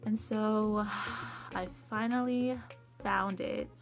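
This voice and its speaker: A young woman vlogging a casual storytime, chatty, acting out quotes in a higher voice. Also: steady tone, drawn-out words, soft background music.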